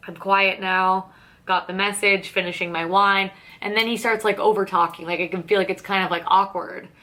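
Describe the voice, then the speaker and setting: A young woman with a bright, forward voice talks straight to the camera while doing her makeup. She is candid and sarcastic, swears freely, and plays both sides of a conversation as she tells the story. Her pitch stays in an ordinary middle range. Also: fairly even intonation, moderate pace. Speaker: beauty vlogger. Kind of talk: casual chatty get-ready-with-me storytelling.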